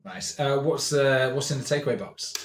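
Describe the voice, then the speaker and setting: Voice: medium pitch, moderate pace, reverberant, a little hiss or hum. A player chatting playfully and laughing often during a tabletop game. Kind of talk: casual game chat.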